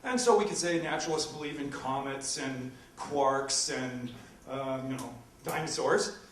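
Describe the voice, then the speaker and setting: A philosophy professor presents at a public debate in a university lecture room, speaking unhurriedly at a middle pitch and filling pauses with many ums and uhs. He's far from the microphone, so his voice echoes around the roomy hall over faint background noise.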